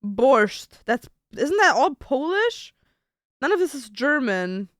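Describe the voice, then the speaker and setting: Young woman streamer, casual and chatty, a bit of swearing, slightly high, dry close sound. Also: very animated, slow pace, fairly bright tone, dry recording. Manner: chatty, swears casually, thinks aloud while ordering food. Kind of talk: casual chat to stream viewers.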